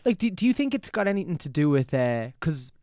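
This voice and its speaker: A man hosting a podcast, asking questions in a halting way full of restarts. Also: on the high side, sing-song, a little mellow, no room sound, clean studio sound. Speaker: podcast host. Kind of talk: casual interview.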